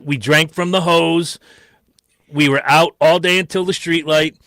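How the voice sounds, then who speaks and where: A man's voice: on the high side, steady tone, unhurried, fairly bright tone, dry recording. A middle-aged man, a podcast co-host, chatting casually and ranting with profanity about growing up. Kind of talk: casual chat.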